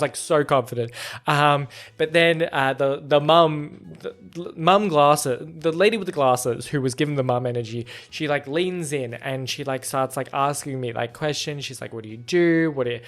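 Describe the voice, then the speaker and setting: A young man with a fairly high voice tells a personal story, chatty and animated, and he jumps up in pitch whenever he quotes someone. Faint music plays underneath. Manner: animated, acts out quotes in a higher voice. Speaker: podcast host. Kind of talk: casual storytelling monologue.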